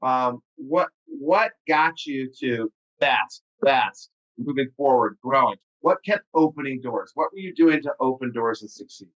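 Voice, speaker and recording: A man's voice: medium pitch, animated, measured pace, hardly any pauses, a bit bright, muffled recording. A man hosting a podcast interview, asking pointed questions emphatically and repeating words as he presses a point. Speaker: podcast host. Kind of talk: casual interview talk.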